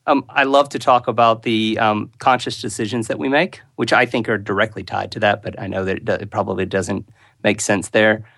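Gravelly low-voiced man, earnest guest. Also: level tone, a little fast, a bit bright, no echo. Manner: earnest, open, speaks of his passions. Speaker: podcast guest. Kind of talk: conversational interview.

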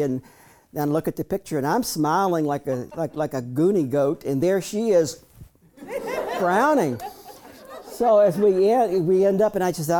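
A man in his fifties tells personal stories to a room. His voice is warm and mellow, and he talks in a folksy, frank manner, often restarting his sentences. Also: high-pitched, normal speed. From Southern US. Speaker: speaker reading from his memoir. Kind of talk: storytelling talk.

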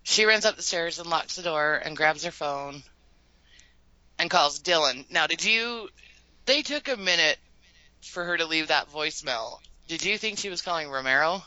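A woman's voice: sits low, lively intonation, moderate pace, bright, forceful tone, no echo, dull audio. A woman co-hosting a podcast, reading a scene-by-scene recap from her notes and laughing often between lines. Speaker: podcast co-host.

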